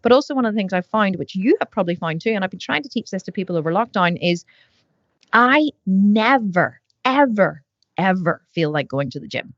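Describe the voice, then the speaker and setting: Fast-talking blunt woman podcast host. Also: on the low side, lively intonation, no room sound, lo-fi sound. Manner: blunt, swears freely, acts out other people's voices. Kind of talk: casual conversation. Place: sitting in bed at home.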